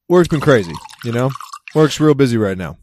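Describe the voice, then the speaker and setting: Dynamic man who starts low and builds. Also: expressive, a little fast, a little mellow, slight background noise. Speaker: podcast host. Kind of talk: casual chat. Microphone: remote call recording.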